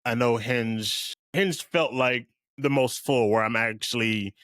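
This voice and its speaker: A young man with a deep voice, co-hosting a podcast in a laid-back, joking casual chat. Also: unhurried, a bit bright, no echo, clean studio sound. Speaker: podcast co-host.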